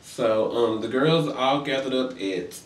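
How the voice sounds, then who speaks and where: A man giving a casual comedic recap of reality TV, sassy and profane, acting out the quotes in high voices. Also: measured pace, distant mic, a little hiss or hum. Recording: roomy echo, a bit off-mic.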